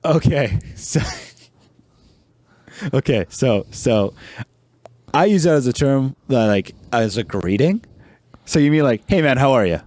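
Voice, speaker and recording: Young guy, pitch bouncing all over, warm mellow tone, acts out little voices in his stories and keeps laughing, dry close sound. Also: lively intonation, measured pace, pauses often, dry recording. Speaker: podcast guest. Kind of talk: casual chat.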